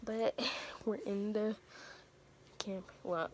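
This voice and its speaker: A woman's voice: mid-range voice, steady tone, drawn-out words, a little mellow, a little hiss or hum. A young woman, chatting casually to her viewers in a vlog, rambling and repeating herself. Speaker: vlogger. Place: camper.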